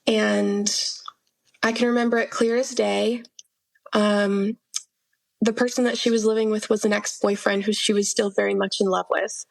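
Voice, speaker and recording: Gravelly young woman telling her story. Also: mid-range voice, level tone, normal speed, dry recording. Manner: earnest storytelling, many fillers like "like" and "um", acting out quoted dialogue. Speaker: podcast guest. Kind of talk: personal testimony in an interview.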